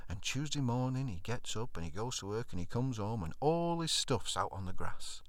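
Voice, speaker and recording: A man telling a long comic anecdote on stage in an animated, conversational way, building up to punchlines. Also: medium pitch, normal speed, no room sound. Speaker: stand-up comedian. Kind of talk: comic storytelling.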